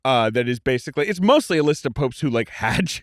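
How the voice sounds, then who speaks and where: A man who grew up in Europe, a podcast guest making wry, quick asides. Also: medium pitch, animated, no echo, clean studio sound. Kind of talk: casual chat.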